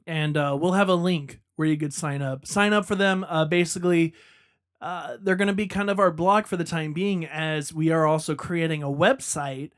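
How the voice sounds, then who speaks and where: A man's voice: on the high side, fairly even intonation, normal speed, smooth. A man hosting a podcast in a chatty, rambling, enthusiastic way. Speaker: podcast host. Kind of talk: casual podcast monologue.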